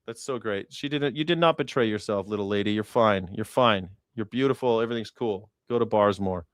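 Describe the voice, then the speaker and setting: A man's voice: on the low side, brisk, no room sound. A man hosting a casual commentary show, telling stories in a blunt, profane way. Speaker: host.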